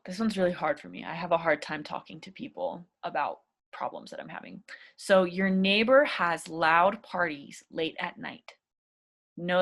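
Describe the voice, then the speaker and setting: A woman teaching a casual English lesson, talking through examples with many fillers and acting out sample phrases. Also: fairly low pitch. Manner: chatty, many fillers like "you know" and "right?"; acts out sample phrases in a lively voice.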